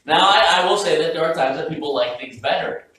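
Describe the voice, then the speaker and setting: Joking pastor preaching in an echoey church. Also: male voice, on the high side, lively intonation, fairly quick, sharp tone, recorded from a distance. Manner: conversational, joking, self-interrupting. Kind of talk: sermon. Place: church sanctuary.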